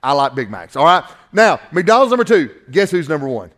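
A man with a Southern accent from Northwest Georgia, preaching a sermon in a folksy, animated, joking way. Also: on the high side, fairly quick. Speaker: pastor.

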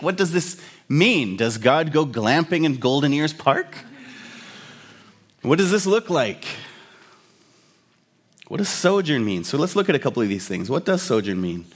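A man's voice: on the high side, animated, measured pace. A man preaching a sermon in a conversational, explanatory way with humorous asides. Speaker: pastor.

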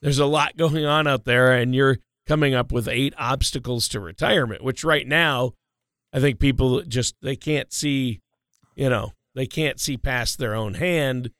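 A man's voice: medium pitch, unhurried, fairly bright tone, clear, resonant tone, no room sound, studio quality. A man who reads the show's opening announcement and then chats and jokes as co-host. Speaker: radio show co-host and announcer. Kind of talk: scripted announcement and casual chat.

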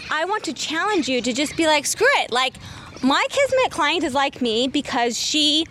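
A woman coaching her viewers in a motivational vlog, talking casually and emphatically and cursing freely when excited, while walking outdoors through her neighborhood. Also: high-pitched, a little hiss or hum. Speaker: business coach.

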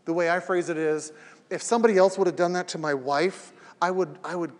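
A man's voice: high-pitched, brisk, in a large hall. A man teaching a weekly evening class in an earnest, emphatic way, acting out everyday quotes as he goes. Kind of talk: live talk to a class, later posted as a podcast.

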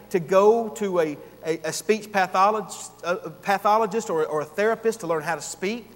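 A man with a high-pitched voice preaching a sermon, leaning hard on key words and then dropping soft. He pauses for effect and swings his loudness widely. His voice carries a long reverb, as in a large church hall. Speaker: pastor.

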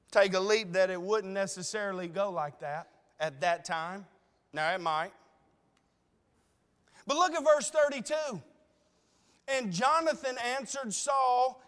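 A man's voice: very high voice, fairly bright tone, clear, resonant tone, in a large hall. A man, preaching a sermon in a conversational style that is full of rhetorical questions.

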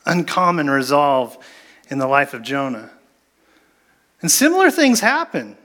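A man preaching a sermon as a pastor, telling a Bible story with animated, acted-out lines. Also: on the high side, a little slow.

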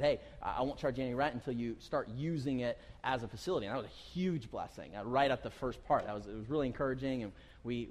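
Man, pastor, mid-pitched, chatty storytelling sermon with laughs, long hall reverb. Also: darkish tone. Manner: conversational, storytelling, laughs often. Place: church hall.

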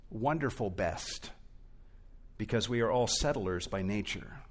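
A male pastor preaching an expository sermon in a church, earnest and emphatic, rising and falling in intensity. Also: medium pitch.

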